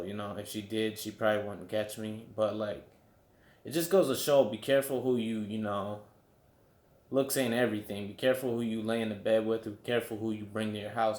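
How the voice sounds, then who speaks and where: Man, casual profane storytelling, loose filler-heavy speech, echoey room at home. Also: fairly low pitch. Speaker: vlogger.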